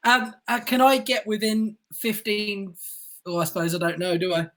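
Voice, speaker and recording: A woman's voice: mid-range voice, moderate pace, fairly bright tone, rough recording. A woman playing in a tabletop game who talks casually and hesitantly and laughs often. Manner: giggly, hesitant. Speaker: player. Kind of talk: casual chat.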